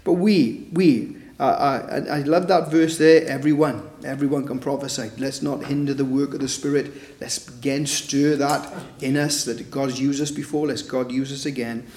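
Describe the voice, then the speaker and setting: A man's voice: mid-range voice, fairly even intonation, normal speed, few pauses, darkish tone, reverberant. A man preaching informally at a Bible study, talking conversationally and tagging points with rhetorical questions. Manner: conversational, with frequent "isn't it?" tag questions.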